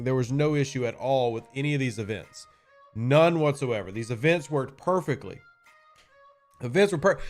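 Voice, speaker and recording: A man hosting a casual game live stream, chatting with viewers and answering their questions in a sarcastic, talkative way. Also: sits high. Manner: sarcastic, chatty, talks to chat.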